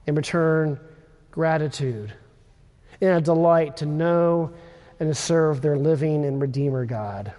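A man preaching a sermon, speaking in a slow, measured way with emphatic pauses. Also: fairly high pitch, dark tone, big-room sound.

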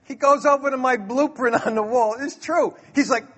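Husky high-voiced New man. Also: normal speed. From Brooklyn, New York. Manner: lively, acts out dialogue, chuckles. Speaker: storyteller. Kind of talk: personal storytelling.

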